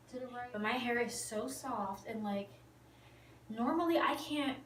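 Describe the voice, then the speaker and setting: A woman's voice: a little high, far from the mic, slight background noise. Gushing woman in an echoey room. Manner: gushing, animated, drops to whispers. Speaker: beauty vlogger. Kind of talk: excited casual vlog chat.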